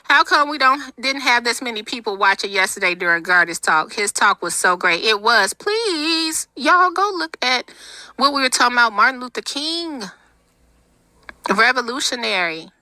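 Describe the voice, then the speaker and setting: A woman's voice: a little high, sing-song, moderate pace, sharp tone, dry recording. A woman hosting a commentary livestream, talking sarcastically and with exasperation as she reads viewer comments. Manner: sarcastic, exasperated, laughing asides. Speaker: commentary channel host.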